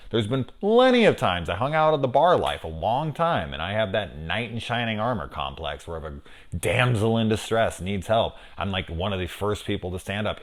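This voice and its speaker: A man talking casually through a spoiler review of a horror movie, incredulous and swearing often. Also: fairly low pitch.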